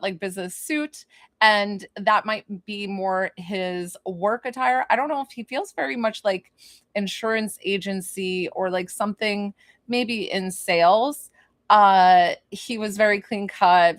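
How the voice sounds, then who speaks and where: A woman with a mid-range voice, recorded with clean studio sound and no echo. She's a psychic medium giving an informal one-on-one reading, thinking aloud with lots of fillers and bursting into laughter.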